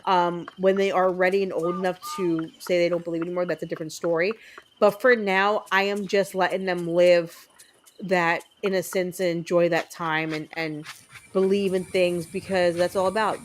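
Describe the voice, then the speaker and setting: A woman's voice: lowish voice, steady tone, normal speed, slight background noise. A woman in her thirties chatting casually with her viewers as a game streamer, telling blunt stories full of fillers and the odd curse word. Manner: blunt, chatty storytelling with frequent fillers and cursing.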